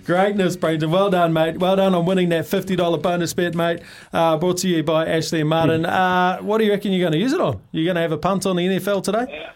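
A man's voice: sits high, fairly even intonation, quick pace. A man hosting a call-in radio quiz, upbeat and laughing often, calling everyone mate. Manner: upbeat, laughs a lot, calls people mate. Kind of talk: breezy morning radio banter.

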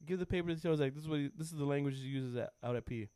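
A man's voice: fairly high pitch, racing, warm tone, clean tone, no room sound. A man telling stories in a casual podcast chat, laughing often, swearing, and acting out what people said. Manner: laughing storyteller, acts out quotes, swears a lot. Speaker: podcast host; school sports coach.

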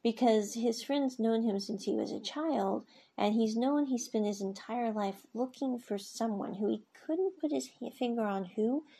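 A woman's voice: a little high, normal speed, creaky, mellow, husky. A woman chattily recapping scenes from a drama series, retelling the characters' lines and using frequent fillers. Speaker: series reviewer.

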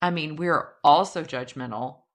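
A woman's voice: low-pitched, moderate pace. A woman, likely in her thirties, talking candidly and self-deprecatingly about a personal experience, laughing now and then. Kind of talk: reflective personal monologue.

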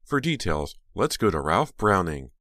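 A man's voice: sits low, big pitch swings, moderate pace, fairly bright tone, dry recording, studio quality, voice pushed up. A man voicing a female TV news anchor in formal broadcast style.

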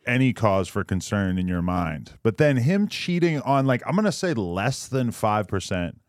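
Wry teasing man, lowish voice. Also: sing-song, normal speed, no room sound, clean studio sound. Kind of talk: casual podcast chat.

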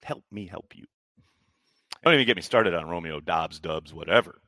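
A man's voice: low voice, animated, moderate pace, pushed and bright, dry recording, clean studio sound. A man hosting a live fan chat stream, hyped and chatty as he reads comments and answers questions. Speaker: podcast host reading chat.

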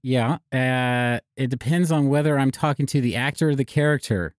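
A man's voice: medium pitch, moderate pace, smooth, dry recording, studio quality. A man co-hosting a podcast in a casual comedic chat, giggly and self-deprecating. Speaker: podcast co-host.

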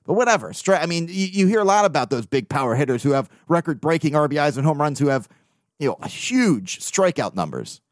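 A man hosts a casual sports podcast, venting in blunt, profane bursts. His voice sits a bit high for a man. The sound is dry and close, with no room around it. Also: big pitch swings, a little fast, dry recording. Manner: blunt, profane, venting, with mocking put-on quotes. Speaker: podcast host.

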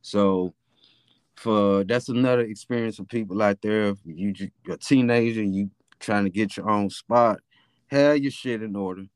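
A man's voice: on the low side, normal speed, clean tone, no echo, studio quality. Laid-back Memphis man telling a story. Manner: laid-back, profane, rambling with fillers. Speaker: podcast host. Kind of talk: casual storytelling.

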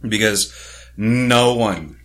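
Man, deep voice, podcast co-host, rambling casual talk, swearing. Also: extremely slow, fairly bright tone. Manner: rambling, swears, reads names off a list. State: has the hiccups. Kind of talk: casual sports podcast chat.

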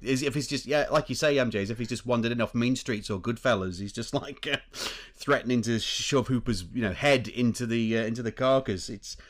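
A man's voice: mid-range voice, a little fast, few pauses. A man chatting on a podcast, laughing often and acting out film lines. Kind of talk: casual podcast chat.

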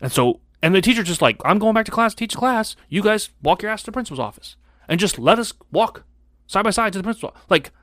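A middle-aged man on a podcast, telling a childhood story in a casual, animated, profane way and acting out the other people's lines. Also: high-pitched, quick pace, no room sound, studio quality. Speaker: podcast co-host.

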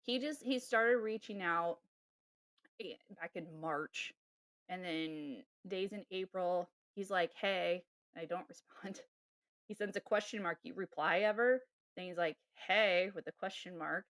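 A woman co-hosting a podcast, telling a dating story in a casual, animated way with sighs and laughs. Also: fairly low pitch, measured pace, no room sound, studio quality. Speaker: podcast co-host. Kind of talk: casual chat.

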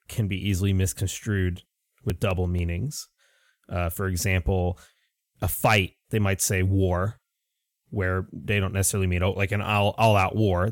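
A man's voice: on the low side, no room sound, studio quality. A man narrating as game master in a tabletop role-playing game, casual and descriptive with frequent fillers.

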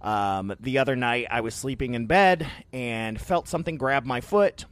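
A man's voice: mid-range voice, moderate pace. Rambling man co-hosting a chat. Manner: rambling, laughing, animated storytelling. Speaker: podcast co-host. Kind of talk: casual chat.

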